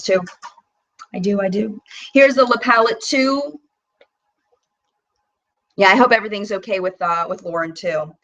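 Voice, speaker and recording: A woman hosting a casual live-stream about makeup, talking in a chatty, animated way with bursts of mock disbelief as she swatches products. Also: on the low side, distant mic, muffled recording. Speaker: beauty vlogger hosting a live chat.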